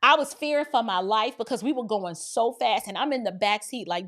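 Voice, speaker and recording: A woman's voice: a little high, fairly quick, few pauses. A woman hosting a casual livestream commentary, telling stories in a colloquial, emphatic way and acting out the dialogue. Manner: animated storytelling, acting out dialogue. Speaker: commentary channel host.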